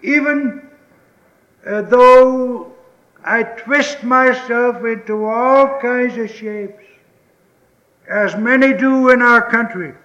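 A man preaching a sermon with emphatic repetition, moving between pleading outbursts and hushed, solemn passages. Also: very high voice, takes it slowly, long pauses, reverberant, muffled recording. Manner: emphatic, repetitive preaching with rising pleas and sudden hushed drops. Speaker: pastor.

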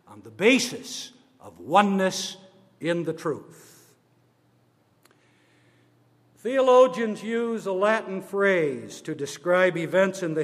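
A man giving a formal address on church history, slow and deliberate, stressing his words one by one. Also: sits high. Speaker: church speaker on denominational history. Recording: long reverb of a large hall.

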